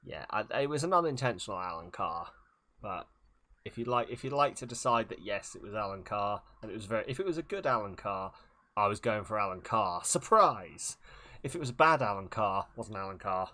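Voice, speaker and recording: A man's voice: lowish voice, lively intonation, brisk, bright, forceful tone. A man chatting casually while streaming a game, self-deprecating and jumping between topics. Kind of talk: casual gaming stream chat.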